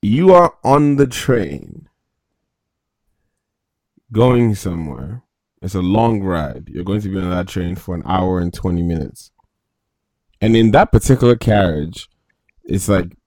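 Slow, low-voiced man, dry sound. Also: dark tone, dry recording. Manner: measured, reflective. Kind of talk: casual chat.

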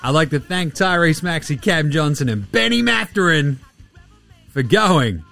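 Lively sarcastic man. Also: fairly high pitch, measured pace, vocal fry, faint music behind. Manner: excitable, sarcastic, swears freely. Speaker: host. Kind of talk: casual sports recap.

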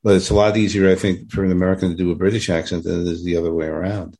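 A man co-hosting a casual fan podcast, talking with many pauses, fillers and restarts. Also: sits low, little pitch movement, darkish tone. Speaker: podcast co-host.

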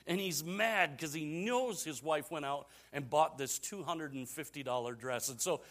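A man's voice: on the high side, normal speed, a bit bright. A male pastor preaching a sermon in a casual, repetitive way that builds to emphatic peaks.

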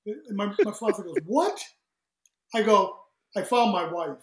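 A man with a high-pitched voice tells a story as an interview guest, slipping into other people's voices and laughing as he goes. The room around him is echoey. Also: normal speed. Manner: animated storyteller who acts out quoted voices, laughs often. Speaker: guest, singer.

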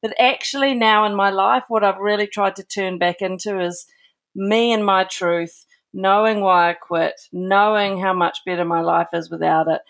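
A woman's voice: medium pitch, normal speed. A woman author, a guest on a podcast, chatting casually and telling stories with enthusiasm. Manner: enthusiastic, animated storytelling. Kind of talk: casual interview chat.

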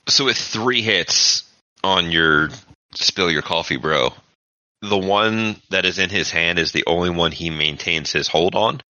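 Running a tabletop game as game master, a man narrates loosely in a very low, bright, forceful voice at an unhurried pace. It sounds like a dry, dull lo-fi podcast recording without any echo.

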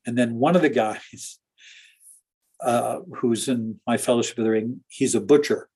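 A man's voice: medium pitch, fairly even intonation, unhurried, darkish tone, breathy edge. A man who is a pastor, telling personal stories in an interview in an earnest, anecdotal way. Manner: earnest, anecdotal, with laughs and restarts. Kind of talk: storytelling in an interview.

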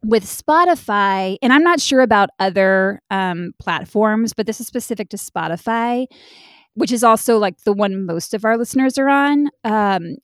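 A woman's voice: medium pitch, lively intonation, normal speed, no echo, studio quality. A woman co-hosting a podcast in casual chat, talkative and laughing often, swearing now and then. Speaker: podcast co-host.

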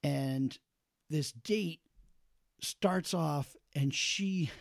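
A man, a podcast host, telling a casual and lively story about watching a film, acting out quotes with lots of fillers. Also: fairly high pitch, drawn-out words, gravelly, dry recording, clean studio sound. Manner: animated, acts out quotes, many fillers.

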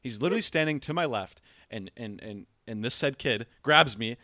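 Animated young man telling a story. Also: mid-range voice, fairly quick, dry recording, studio quality. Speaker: podcast host. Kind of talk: casual storytelling chat.

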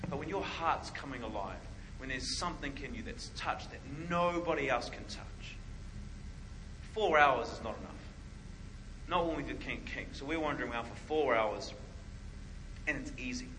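A man preaching a sermon, telling a story in an animated way and acting out what people said. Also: mid-range voice, moderate pace, long pauses, a little hiss or hum, poor audio. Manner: animated storytelling with acted-out quotes.

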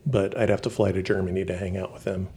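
A man's voice: deep voice, flat delivery, fast, mellow, husky. A man co-hosting a podcast in casual chat, talkative and full of fillers. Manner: chatty, with many fillers. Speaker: podcast co-host.

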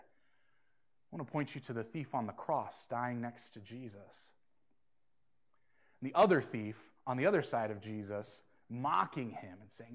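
A man preaching a sermon as pastor, earnest and emphatic, swinging between loud emphasis and quiet asides. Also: medium pitch.

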